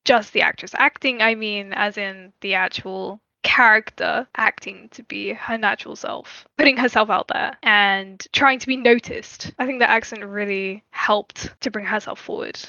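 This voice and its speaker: A woman's voice: mid-range voice, steady tone, normal speed, few pauses, sharp tone, dry recording. A young woman co-hosting a casual podcast chat, speaking earnestly and hedging her opinions. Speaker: podcast co-host. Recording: dull, lo-fi dry mic.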